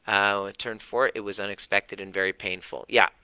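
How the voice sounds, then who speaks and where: A man's voice: fairly low pitch, flat delivery, moderate pace, sharp tone, smooth, dry recording. A man talking earnestly to livestream viewers about parenting, repeating words for emphasis and swearing now and then. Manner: earnest, repetitive, mildly profane. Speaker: parenting coach.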